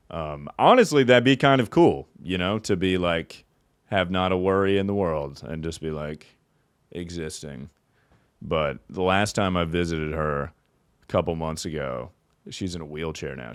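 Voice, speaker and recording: A young man hosting a comedy podcast, riffing casually and laughing often between loud bits and mumbled asides. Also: very deep voice, normal speed, clear, resonant tone, dry recording, studio quality. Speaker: podcast host.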